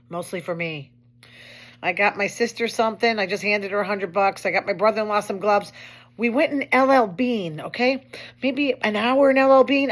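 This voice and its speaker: A woman's voice: mid-range voice, fairly bright tone. Chatty woman host, wry and complaining. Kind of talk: casual monologue commentary.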